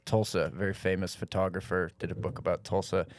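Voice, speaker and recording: A man co-hosting a podcast, joking in a deadpan, casual way with slangy asides. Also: sits low, a little fast, dry recording. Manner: deadpan jokey, says "man" and "dude". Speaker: podcast co-host. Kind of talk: casual chat.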